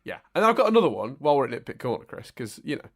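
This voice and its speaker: A man co-hosting a podcast, chatting casually in an animated, self-mocking way. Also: medium pitch, racing. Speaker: podcast co-host. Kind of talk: casual chat.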